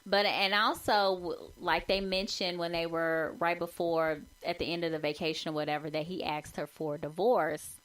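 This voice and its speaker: Lower-voiced woman in animated chat. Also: normal speed, few pauses. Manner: animated, conversational, swings high when emphatic. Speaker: podcast co-host. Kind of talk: casual chat.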